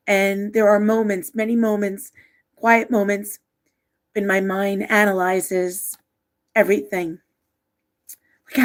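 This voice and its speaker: A woman hosting a live stream, talking haltingly and emotionally with many pauses and restarts, partly reading aloud from her own writing. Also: medium pitch. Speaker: livestream host.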